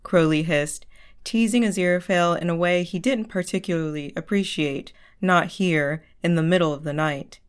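A woman narrates a story in a measured audiobook reading. Her voice is smooth and resonant and sits a little low.

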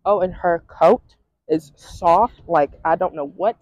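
A woman's voice: lowish voice, a little slow, a little mellow, no room sound, muffled recording. A woman co-hosting a casual vlog outdoors at a petting farm, gushing and cooing over the animals. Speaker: vlog co-host. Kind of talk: casual chat.

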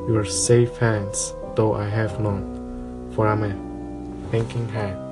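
A man's voice: lowish voice, little pitch movement, loud music behind the voice. A man voicing the Sorting Hat, pondering. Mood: sing-song verse. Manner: musing, drawn-out and pondering. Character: old magical talking hat, wise and probing. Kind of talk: storybook reading.

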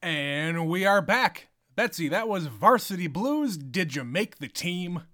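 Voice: medium pitch, lively intonation, measured pace, music in the background. A podcast host leading a casual movie chat in an easygoing, agreeable way. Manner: easygoing, agreeable, lots of "like" fillers.

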